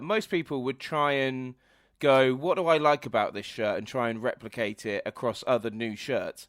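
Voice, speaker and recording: A podcast co-host chats casually in a wry, teasing way. His mid-range voice is steady and fairly bright at a moderate pace, with clean studio sound and no room sound.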